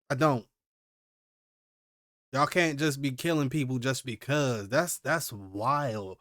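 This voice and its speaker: Male streamer, mid pitch, excitable slangy reactions, dry close sound. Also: a little slow, long pauses, no room sound. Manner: animated, exclaiming, slangy commentary. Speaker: manga reaction host. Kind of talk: live manga reading and reaction.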